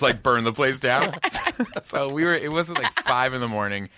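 Guy telling stories all lively, bright voice, acts out the quotes loud. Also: medium pitch, normal speed, dry recording. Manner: animated storyteller, acts out quotes with laughing shouts. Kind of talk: casual chat, storytelling.

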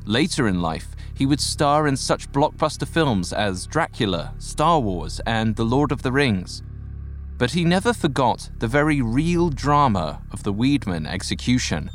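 A male guest host reads history with a lively rise and fall in his delivery. His narration is scripted but expressive, with faint music under it. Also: mid-range voice. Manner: animated, expressive storytelling.

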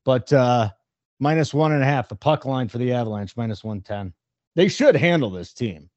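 Guy hosting sports talk, opinionated, quick takes, kinda dull dry audio. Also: medium pitch, lively intonation, darkish tone, no room sound. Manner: opinionated, brisk, talks betting odds. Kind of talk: casual sports radio chat.

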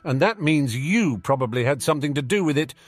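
A man voicing a haughty, petulant teenage schoolboy who sneers and shouts at a rival. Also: fairly high pitch, normal speed, voice pushed up, lightly acted. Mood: sneering.

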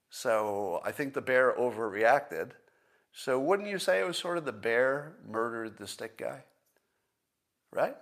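A man hosting a livestream in a casual commentary style, thinking aloud and slowing down to stress his points. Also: medium pitch, a bit bright. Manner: conversational, thinks aloud with restarts and small laughs. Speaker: livestream host.

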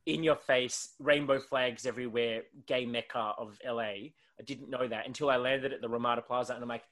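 Australian male podcast co-host, bright and chatty, rambles with lots of fillers. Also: mid-range voice, fairly even intonation, a little fast. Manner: rambling, heavy use of "like", laughs often. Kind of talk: casual podcast chat.

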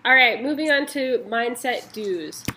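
A woman's voice: on the high side, animated, unhurried, pushed and bright, slight background noise, rough recording. A young woman co-hosting a casual chat, reading sports tips in an upbeat way with lots of "like" and "um".

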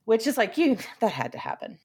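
Lively, animated woman podcast co-host. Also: fairly high pitch, brisk, vocal fry, breathy edge. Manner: animated, laughs often, swears casually. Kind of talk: casual chat.

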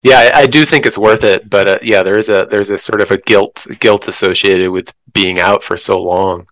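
Middle-aged male guest, low voice, dry close sound, thoughtful and candid with ums. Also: steady tone, normal speed, a bit bright, no room sound, rough recording. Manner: reflective, candid, frequent ums. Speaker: guest, math professor and bikepacker. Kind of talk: casual conversational interview.

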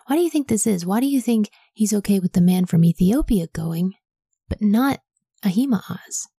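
A woman hosting a Bible podcast, reading scripture in a soft whisper and pausing to ask reflective study questions. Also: mid-range voice, lively intonation, gravelly, breathy edge, dry recording, studio quality.

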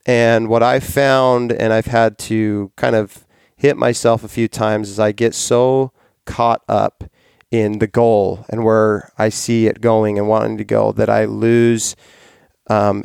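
A man hosting a relaxed podcast, talking with rambling enthusiasm and frequent self-corrections. His lowish voice carries a gravelly fry but stays smooth and resonant. The sound is dry and close. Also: no room sound. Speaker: podcast host. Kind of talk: casual podcast chat.

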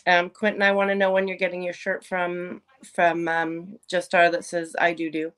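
A woman's voice: fairly low pitch, completely flat delivery, moderate pace, a bit bright, clean tone. A woman hosting a casual interview chat, asking teasing questions and giggling. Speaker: host.

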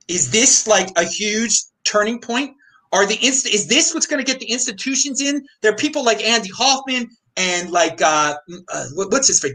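A man hosting an excited live stream, loud and fast-talking. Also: high voice. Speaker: host.

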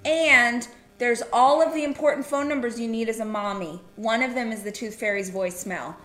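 A woman co-hosting a casual chat, telling a family story in an animated way with quick asides. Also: fairly high pitch, echoey room. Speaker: podcast co-host.

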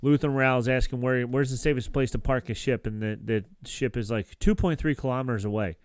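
A man's voice: mid-range voice, fairly quick, clear, resonant tone, no room sound. A man casually recapping a TV episode on a podcast, rambling with lots of fillers and restarts. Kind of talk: casual chat.

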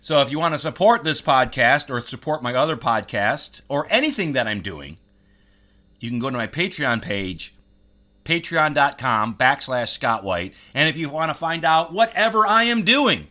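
A man's voice: a little high, sing-song, normal speed, pushed and bright. A man hosting a podcast, talking earnestly and eagerly in a monologue. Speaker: podcast host.

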